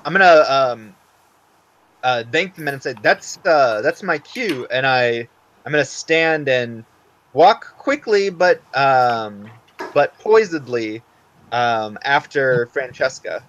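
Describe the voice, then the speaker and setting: A man in a tabletop game who describes his character's moves with deliberate, unhurried speech. His voice sounds dull and lo-fi, from a bit away from the mic. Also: medium pitch, expressive, a bit bright, slight background noise. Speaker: player. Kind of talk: casual tabletop role-play.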